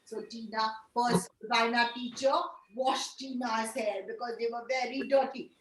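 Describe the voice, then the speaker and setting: Animated, high-voiced teacher. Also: female voice, normal speed, few pauses, reverberant, a little hiss or hum, low-quality recording. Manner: animated, exclamatory, checks in with "okay?". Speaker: kindergarten teacher. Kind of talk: children's lesson with puppets.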